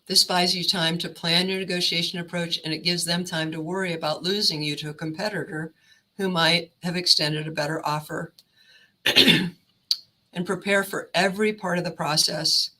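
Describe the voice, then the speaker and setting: Woman career counselor, presenter, bright tense tone, even instructive delivery. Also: on the low side, normal speed, rough recording.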